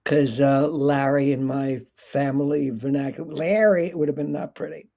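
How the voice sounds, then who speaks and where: A man's voice: mid-range voice, flat delivery, normal speed, gravelly, warm tone. A man chatting as a guest on a streamed show, answering in a dry, understated way with short replies. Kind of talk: casual interview chat.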